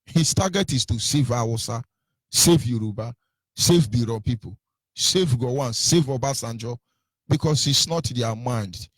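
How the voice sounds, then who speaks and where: A man's voice: mid-range voice, a little slow, no echo. A man giving impassioned radio commentary, hammering home repeated rhetorical questions.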